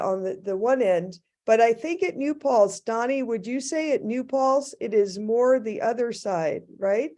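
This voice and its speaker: A woman speaking as a faculty panelist in an academic discussion, thoughtful and halting, with many restarts. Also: fairly high pitch, mellow.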